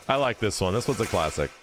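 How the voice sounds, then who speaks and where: A man's voice: on the low side, a bit bright. A man hosting a casual gaming reaction video, talking loosely and breaking into exasperated, ranting outbursts.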